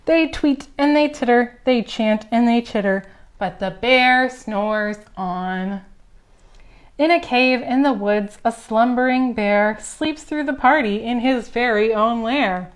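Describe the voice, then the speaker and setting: A young woman librarian reads a picture book aloud for preschoolers, speaking slowly and expressively. Her voice sits a bit high, and she keeps turning to ask the children questions. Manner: slow, expressive, talks to little children. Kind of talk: preschool storytime read-aloud.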